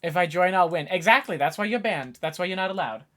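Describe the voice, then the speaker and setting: A streamer in his twenties chats casually with his viewers, talking fast in a high-pitched voice. Animated and jokey, he talks to chat while typing during this live-stream conversation.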